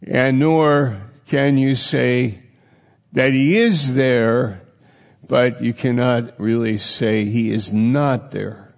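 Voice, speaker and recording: A man's voice: mid-range voice, fairly even intonation, slow, vocal fry. A man preaching a sermon, emphatic, repeating phrases for weight, his voice swelling and dropping. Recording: long reverb in a large hall.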